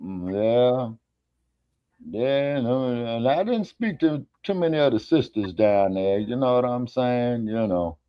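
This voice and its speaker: A man's voice: mid-range voice, animated, slow, smooth, no echo. A man chatting casually as a co-host and spinning folksy road-trip yarns. He swears freely and voices the other people in his stories. The recording is lo-fi and muffled, with a dry, close sound. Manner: folksy storyteller, swears freely, acts out dialogue. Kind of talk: casual chat on an online talk show. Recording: dull, dry lo-fi audio.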